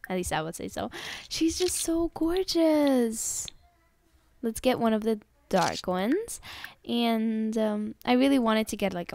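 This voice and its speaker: A young woman giving casual gameplay commentary, excitable and gushing as she talks to her viewers. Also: medium pitch, vocal fry, slight background noise. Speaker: gaming video host.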